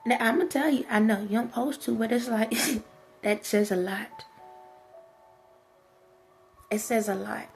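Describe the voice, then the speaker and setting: Chicago woman vlogging, fairly high voice, animated rant with lots of rhetorical questions, light music bed. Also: measured pace, gravelly, pauses often. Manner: animated, rhetorical questions, talks straight to viewers. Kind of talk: casual opinion rant.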